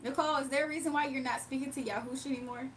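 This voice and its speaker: A chatty woman livestreamer talks casually to her viewers, reading their messages aloud and laughing often. Her voice sits fairly high and a little away from the mic, with a faint noise underneath. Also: steady tone, rapid-fire, far from the mic.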